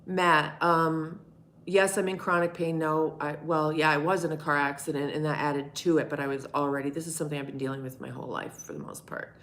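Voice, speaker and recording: A middle-aged woman with a notably low, deep voice chats casually on a live stream. She talks in a candid, meandering way, answering viewers one by one and dropping curse words without a second thought. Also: fairly quick, fairly bright tone. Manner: candid, rambling, swears freely. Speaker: livestream host answering chat.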